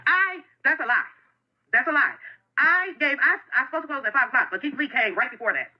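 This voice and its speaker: A woman's voice: sits high, animated, quick pace. A woman who owns a food truck, speaking an impassioned and defensive statement in which she often repeats herself. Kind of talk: emotional self-made video statement. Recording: dull lo-fi phone audio.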